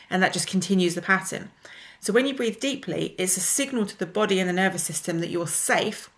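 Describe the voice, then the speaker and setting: A woman teaching a wellness lesson, calmly and gently guiding the listener through breathing exercises. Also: mid-range voice. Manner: calm, gently instructive, slows down to guide exercises.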